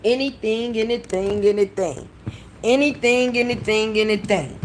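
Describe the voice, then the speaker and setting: A woman's voice: fairly high pitch, fairly even intonation, moderate pace, slight background noise. A woman hosting a casual livestream from her porch, brash and profane, scolding her chat. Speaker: livestream host. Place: porch outdoors.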